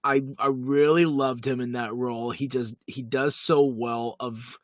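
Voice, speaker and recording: A man's voice: medium pitch, fairly even intonation, a little slow, no room sound. A man co-hosting a podcast, chatting casually and giving emphatic opinions. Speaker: podcast co-host. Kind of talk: casual chat.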